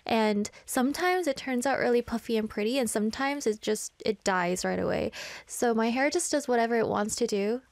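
A woman's voice: on the high side, brisk, dry recording. A woman in her twenties hosting a radio show and live stream, chatting casually and playfully, a little out of breath. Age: 20s. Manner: chatty, playful, self-teasing. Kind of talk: casual radio chat reading live comments. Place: small studio, in a Korean city.

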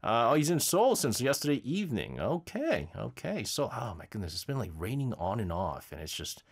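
A man's voice: medium pitch, huge pitch swings, moderate pace, few pauses, breathy edge. A male radio host in a studio, reading out listener messages in casual, rambling chat and laughing often. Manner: chatty, laughs often, loose with fillers.

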